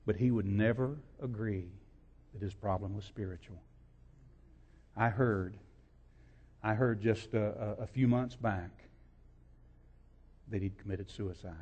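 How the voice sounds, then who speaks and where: A man preaching a sermon as pastor, repeating his points and rising from quiet storytelling to loud emphatic preaching. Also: lowish voice, steady tone, unhurried, pauses often, breathy edge, highs cut off. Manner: builds from quiet to shouting, repetitive emphatic preaching.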